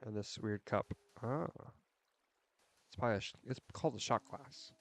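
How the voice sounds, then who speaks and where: A man's voice: lowish voice, normal speed. A man streaming a game, chatting casually in a rambling, goofy, jokey way. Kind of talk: casual live-stream chat while playing.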